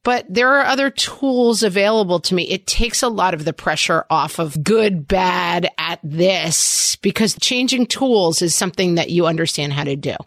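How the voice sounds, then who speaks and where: A woman podcast host responding to her guest in a relaxed interview, agreeing and teasing lightly. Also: on the low side, moderate pace, hardly any pauses, no echo, clean studio sound. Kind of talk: conversational interview.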